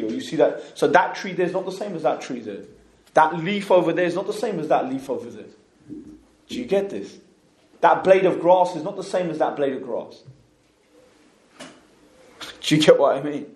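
A man with a slightly high, somewhat mellow voice teaches an informal religious lesson at a normal pace, animated but with long pauses. His style is loose and conversational, and he keeps stopping to check that listeners follow, using tag questions. The room sounds echoey.

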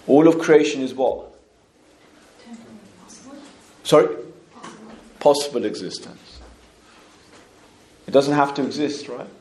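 A man's voice: mid-range voice, warm tone. A man teaching an informal religious lesson in a loose, conversational way, often stopping to ask whether listeners follow. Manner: keeps checking understanding with tag questions. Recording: echoey room.

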